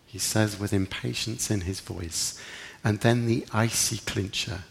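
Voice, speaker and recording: A man's voice: fairly low pitch, fairly even intonation, a little slow, vocal fry, in a large hall, slight background noise. A man preaching a sermon in an earnest, reflective way, lifting his voice for emphasis. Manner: earnest, reflective, rising with emphasis in quoted prayers.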